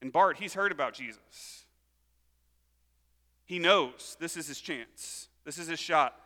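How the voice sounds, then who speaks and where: Male pastor, animated sermon storyteller, bright tone, reverberant church hall. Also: on the high side, slow pace. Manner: animated storytelling, acts out voices.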